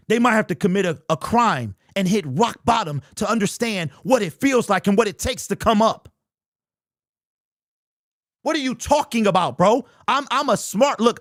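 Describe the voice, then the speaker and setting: A man's voice: high voice, no room sound, studio quality. A man hosts a sports livestream, answering viewer comments in a heated, repetitive way. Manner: animated, argumentative, repeats his points. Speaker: sports channel host. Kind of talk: livestream commentary reading super chats.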